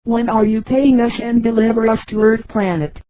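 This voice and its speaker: A text-to-speech woman's voice reading the lines of a joking young male adventurer in a flat, unchanged voice. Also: on the high side, moderate pace, natural voice, low-quality recording. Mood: plain. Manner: flat synthetic read, no change of voice.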